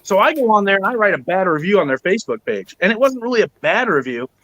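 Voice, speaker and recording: A man with a noticeably high voice hosts a casual podcast chat. He tells a long grievance story with lots of energy, acting out everyone he quotes and cursing freely. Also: fast, low-quality recording. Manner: animated, acts out quoted people, swears. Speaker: podcast host.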